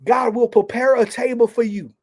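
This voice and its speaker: A man who is a guest author, telling a faith testimony as an animated storyteller with casual slang. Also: very high-pitched, normal speed, vocal fry, breathy edge.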